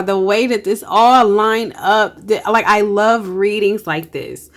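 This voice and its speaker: A woman's voice: medium pitch, slow pace. Emphatic woman giving a card reading. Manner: emphatic, encouraging, exclamatory, uses colloquial speech. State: emotional. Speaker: spiritual card reader. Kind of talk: casual tarot-style energy reading.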